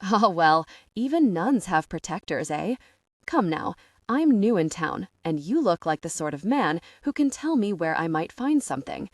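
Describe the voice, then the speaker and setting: Woman doing a calm, persuasive older man. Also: lowish voice, normal speed, no room sound, studio quality.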